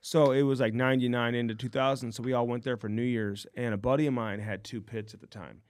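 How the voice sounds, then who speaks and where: A man co-hosting a podcast, telling a rambling story in casual chat, saying "dude" a lot and getting animated as he goes. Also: medium pitch, quick pace, no room sound, clean studio sound. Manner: rambling, says "dude" often, gets animated retelling. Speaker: podcast co-host.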